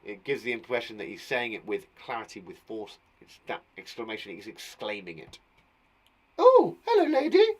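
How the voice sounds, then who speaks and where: A man's voice: lowish voice, a little fast, hardly any pauses, fairly bright tone. A man teaching a children's punctuation lesson online, chatty and playful, with jokes between his explanations. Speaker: primary school teacher.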